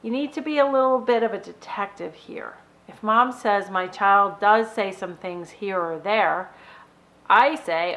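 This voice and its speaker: A middle-aged woman hosts an educational video blog in a clear, instructive voice of medium pitch. She acts out baby sounds and single words with slow, playful exaggeration. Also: a bit bright, rough recording. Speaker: behavior analyst host.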